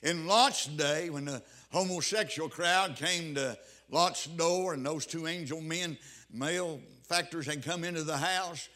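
A man preaching a sermon, with a rhythmic cadence, drawn-out emphatic phrases and shouted interjections. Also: a little high.

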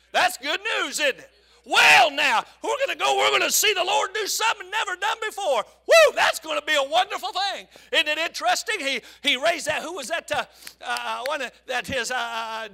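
A male preacher giving an animated sermon, with shouted bursts and folksy storytelling asides. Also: very high-pitched, vocal fry.

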